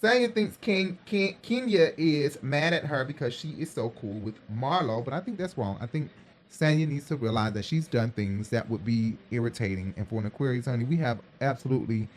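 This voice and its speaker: A man's voice: medium pitch, animated, a little fast, a little hiss or hum. A man giving a sassy, profane, laughing recap of a reality show in casual chat. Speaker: recap commentator.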